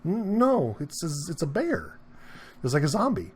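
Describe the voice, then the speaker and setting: A man's voice: slow pace, breathy edge. Rambling man repeating "okay?". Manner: rambling, repeats himself, keeps asking "okay?"; animated, pitch jumps up when he gets worked up. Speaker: vlogger. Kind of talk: casual opinion monologue to camera.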